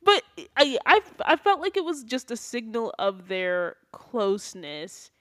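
A woman chatting casually as a podcast co-host, recapping a TV episode, animated, laughing often and acting out quotes. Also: a little high, a little slow.

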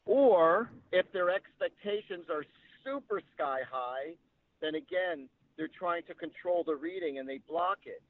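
A man's voice: high voice, unhurried. Male guest, medium, chatty storyteller; narrow phone-like sound. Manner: chatty, animated retelling with quoted dialogue. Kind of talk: casual storytelling. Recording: tinny phone-like line.

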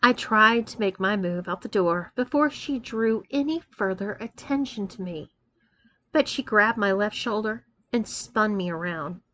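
A woman narrating a first-person story in a measured, expressive reading. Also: mid-range voice.

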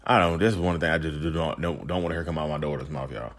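A man's voice: very deep voice, very fast, hardly any pauses. A young adult man venting to his viewers in a casual vlog, heated and exasperated. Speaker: vlogger.

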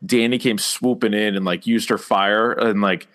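A man co-hosting a casual podcast chat, animated and quick, jumping into a higher voice when acting out reactions. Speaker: podcast co-host. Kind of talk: casual chat about a TV episode.

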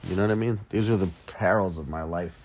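A man's voice: sits low, fast talker, a little mellow, slight background noise. A man hosting a solo podcast, rambling casually and mocking himself with jokey asides in the early morning. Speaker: podcast host.

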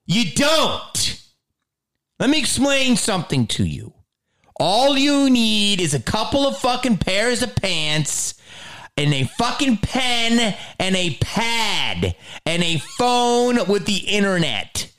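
A man rants with heavy swearing in a fairly high voice. His pitch swings wildly from low growls to high outbursts. He talks slowly and deliberately. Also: sing-song, a bit bright. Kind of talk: profane ranting monologue.

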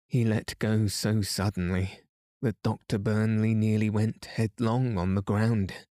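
A man calmly reading a classic novel aloud as a bedtime story for a sleep podcast, soothing and unhurried. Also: on the low side, dry recording, clean studio sound. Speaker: podcast narrator.

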